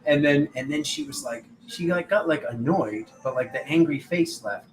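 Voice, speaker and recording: A man's voice: on the high side, normal speed, background noise. A young man giving a spiritual tarot reading, rambling and acting out the voices of people in his stories. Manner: rambling, acts out quoted voices. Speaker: tarot reader.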